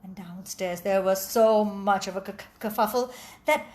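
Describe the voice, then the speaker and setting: A woman telling a folk tale aloud in an animated, expressive way, adding sound effects. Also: medium pitch, moderate pace. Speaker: storyteller. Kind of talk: oral storytelling.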